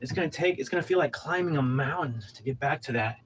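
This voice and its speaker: A man's voice: mid-range voice, fast, slight background noise, poor audio. A man in his thirties, out of breath from exercising, giving a pumped-up, rambling motivational talk. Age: 30s. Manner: pumped-up, preachy, rambling with restarts. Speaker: vlogger.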